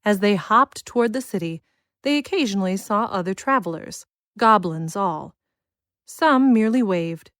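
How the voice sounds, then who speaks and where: A woman narrates a children's fantasy story with measured, expressive pacing. Her voice sits at a middle pitch, recorded dry and close with no room echo. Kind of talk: scripted audiobook narration.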